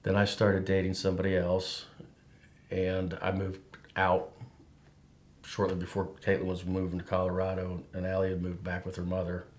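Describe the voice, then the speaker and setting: Middle-aged guy in an interview, really deep voice, plain talk. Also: completely flat delivery, darkish tone. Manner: plain-spoken, slow with pauses. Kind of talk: documentary interview.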